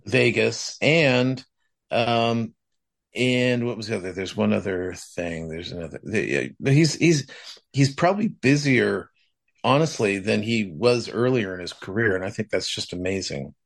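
A man's voice: on the low side, animated, a little slow, vocal fry. A man co-hosting a podcast, chatting casually and rambling with many fillers and restarts. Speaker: podcast co-host. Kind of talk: casual chat.

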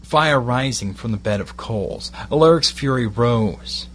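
A Glaswegian man narrating an erotic story in a measured, steady delivery with short phrased pauses. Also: medium pitch, slight background noise.

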